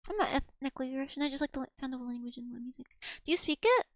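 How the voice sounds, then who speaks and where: A woman's voice: high voice, animated, racing, no room sound, dull audio. A young woman from the United States chatting casually on a livestream, rambling with restarts and giggles. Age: young adult. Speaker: streamer.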